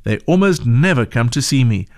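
A man's voice: mid-range voice, expressive, moderate pace, darkish tone, no room sound, clean studio sound, close to an everyday voice. A man voicing a lonely, bitter old woman who complains and grumbles, in a storybook reading.

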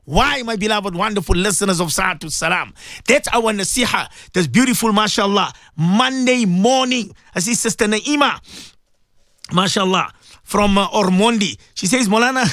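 A man's voice: sits high, normal speed, a bit bright, no echo. Give me a radio presenter man preaching with emphatic repetition, dry close mic. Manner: preachy, emphatic, repeating phrases. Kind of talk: impassioned radio sermon.

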